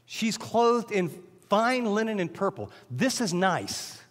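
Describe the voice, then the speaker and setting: Man, middle-aged, Bible teacher preaching, animated delivery with restarts, high voice, long hall echo. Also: takes it slowly. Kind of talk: sermon.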